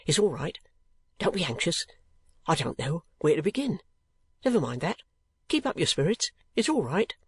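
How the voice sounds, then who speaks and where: An excitable middle-aged clerk, as a man puts him on for a storybook reading. He stammers and hurries, breathless, his voice pushed up high with a husky grain. The sound is close and dry. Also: normal speed, no echo, exaggerated voice. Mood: excited, fluttering.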